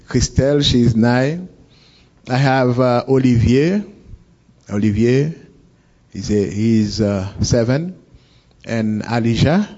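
A man from Haiti with a Haitian accent, telling his own story in an interview, halting and searching for words in English. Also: mid-range voice, a little mellow. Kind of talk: personal account in an interview. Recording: dull lo-fi recording.

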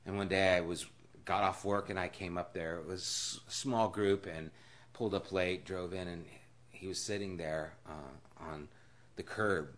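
A man's voice: steady tone, a little slow. Man preaching in a conversational sermon. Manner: storytelling, swinging from hushed and low to loud and emphatic. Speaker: pastor. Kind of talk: conversational Bible-study sermon.

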